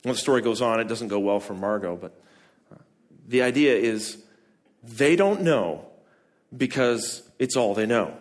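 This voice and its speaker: A man preaching a sermon, emphatic and prone to repeating words and restarting, who climbs high and loud on key phrases. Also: expressive, unhurried, pauses often.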